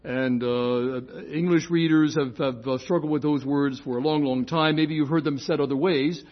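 An older man lecturing on scripture in a chatty, digressive classroom way, often correcting himself and slowing to spell out key terms. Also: fairly high pitch, steady tone, muffled recording.

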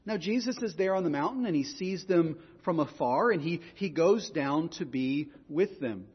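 A man's voice: fairly high pitch, lively intonation, normal speed, slightly rough, in a large hall, muffled recording. A man preaching a sermon in an earnest way, often repeating words as he goes. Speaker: pastor.

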